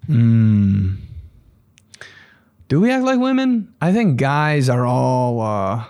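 A young man hosting a podcast, riffing in a casual comedic monologue with crude jokes and sudden shrill put-on voices. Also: slow, dry recording, clean studio sound. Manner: animated, crude, puts on shrill voices for bits. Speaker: podcast host.

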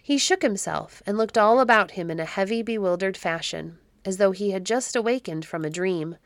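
A woman narrating a classic children's story in a measured, expressive reading. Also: medium pitch, dry recording. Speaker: audiobook narrator.

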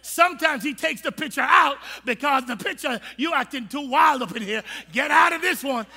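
A male pastor preaches with lively humor in plain, colloquial talk. His voice sits very high and sounds intensely bright and sharp, with a gravelly rasp. A long reverb trails behind it in a church sanctuary. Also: moderate pace. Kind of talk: sermon. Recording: long reverb of a large hall.

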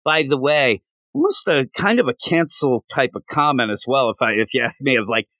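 A man's voice: medium pitch, expressive, normal speed, bright, forceful tone, no echo. A man co-hosting a comic book podcast, recapping an issue in casual chat and acting out the characters' lines. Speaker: podcast co-host.

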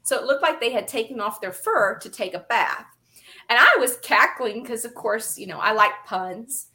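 Bright, lively woman telling funny stories. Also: on the high side, normal speed. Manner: laughing, animated, acts out quoted people. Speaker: guest, animal photographer. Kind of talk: casual conversational storytelling.

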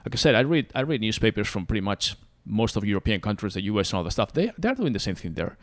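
A man venting in a loose, rambling rant, dropping curses as he goes. His voice sits on the low side. The sound is dry, with no room around it. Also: sing-song, quick pace, no echo. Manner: ranting, rambling, profane. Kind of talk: casual podcast chat.

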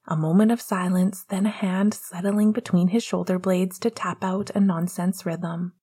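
A woman reading a story aloud as a whispered role-play, soft and hushed. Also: lowish voice, fairly even intonation, normal speed, hardly any pauses, breathy edge. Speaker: audiobook reader.

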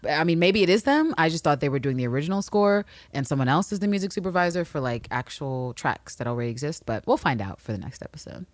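A woman's voice: low-pitched, lively intonation, fast talker, hardly any pauses, dry recording. A woman co-hosting a podcast, recapping an episode in casual, profane chat and acting out scenes in voices. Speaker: podcast co-host.

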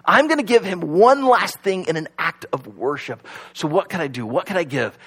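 A man doing a devout wealthy man, earnest and pleading, in a high voice that swoops up and down as he bargains. He sounds sincere and eager rather than greedy. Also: lively intonation, normal speed, fairly bright tone, husky, heavily acted. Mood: musing.

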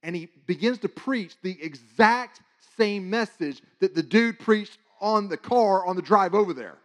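A preacher relates a personal testimony in an animated, excited storytelling style. His voice sits slightly high for a man. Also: measured pace. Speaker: guest preacher.

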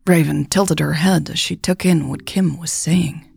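A woman narrating romance fiction in a measured, even storytelling voice. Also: low-pitched, vocal fry, slightly rough, no room sound. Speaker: podcast author and narrator.

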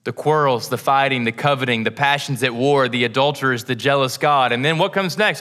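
A young man preaching a sermon as pastor, earnest, pausing for emphasis through long lists. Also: medium pitch, bright, forceful tone. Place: church sanctuary.

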